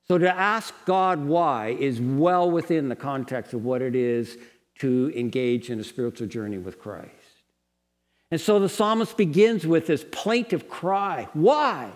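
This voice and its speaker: At a Bible college, a man with a fairly high, expressive voice preaches a sermon at a slightly slow pace. He lectures earnestly and builds to passionate pleading, his words ringing on in a hall with long reverb.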